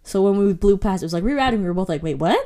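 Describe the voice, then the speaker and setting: A woman's voice: mid-range voice, little pitch movement, racing, a crowd in the background. A woman chatting casually as a podcast co-host, her voice sitting in an ordinary middle range. She spins stories and acts out what people said, often breaking into laughter. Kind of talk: casual chat.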